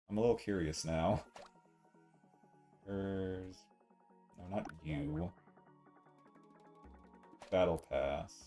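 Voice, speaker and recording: Playful low-voiced man streaming a game. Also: warm tone. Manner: playful, self-mocking chatter to chat. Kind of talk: casual live gameplay commentary.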